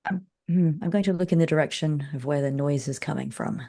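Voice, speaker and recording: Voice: mid-range voice, a little fast, creaky, mellow. A player in a tabletop game speaking in character, asking short, curious questions.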